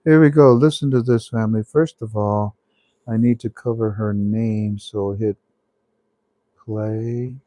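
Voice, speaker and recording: A man's voice: lowish voice, steady tone, a little slow, mellow, no echo. A man hosting a casual monologue, emphatic and repetitive, often breaking into laughter. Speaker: host. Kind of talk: casual talk show monologue.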